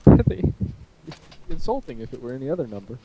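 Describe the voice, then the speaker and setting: A man with a hoarse throat co-hosting a casual chat between friends, joking, teasing and rambling. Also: mid-range voice, sing-song, quick pace, muffled recording, a little hiss or hum. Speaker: podcast co-host.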